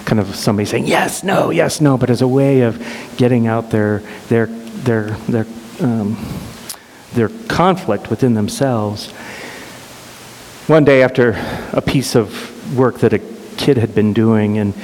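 A middle-aged man telling an emotional personal story earnestly, often halting and repeating words. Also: medium pitch, darkish tone. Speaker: speaker sharing a personal story. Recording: reverberant hall with faint hiss.

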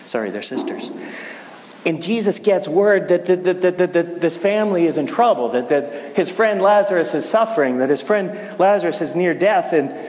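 A man preaching a casual sermon, talking in a conversational, halting way with frequent restarts. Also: sits high, expressive, darkish tone. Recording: echoey hall with faint hiss.

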